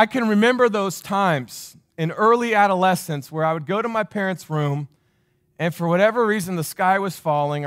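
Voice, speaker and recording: High-voiced emphatic male pastor, dry sound. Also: a bit bright, dry recording. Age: 40s. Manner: emphatic, repeats phrases, asks the crowd questions. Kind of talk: sermon.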